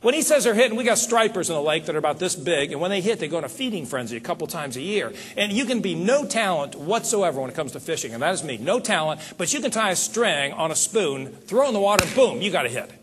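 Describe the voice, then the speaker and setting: Animated, high-voiced male seminar speaker. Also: quick pace, few pauses. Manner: animated, talks straight to the audience. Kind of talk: motivational sales seminar talk. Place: seminar stage.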